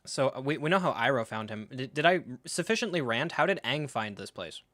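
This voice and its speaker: A man hosting a live reaction stream, talking in an animated, sarcastic way, swearing freely and acting out scenes. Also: medium pitch, brisk, no room sound. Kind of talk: casual live reaction commentary.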